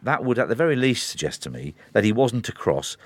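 A low-voiced man who talks quickly and forcefully, breaking into the conversation and restarting his sentences. His pitch rises and falls a lot. The studio sound is dry and close. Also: sing-song, no room sound. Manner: forceful, interrupts, talks in bursts with many restarts. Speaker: media commentator. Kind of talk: studio discussion.

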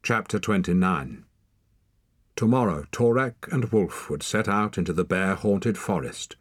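An older man reading an audiobook in an expressive, lilting storyteller manner, close to the mic. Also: deep voice, measured pace, breathy edge, dry recording. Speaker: audiobook narrator. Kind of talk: audiobook narration. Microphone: close studio mic.

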